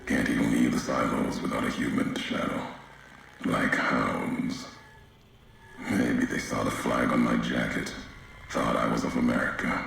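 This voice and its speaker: Grim gravelly wanderer. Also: male voice, level tone, a bit bright, heavy reverb, a little hiss or hum, heavily acted. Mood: accusing. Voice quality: deep gravelly voice. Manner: slow, solemn, fragmented delivery. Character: grim weathered male wanderer, brooding and accusing. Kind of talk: video game dialogue.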